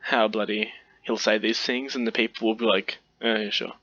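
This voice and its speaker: A man's voice: on the low side, steady tone, normal speed, pushed and bright, lo-fi sound. A man hosting a casual review chat, rambling with many fillers.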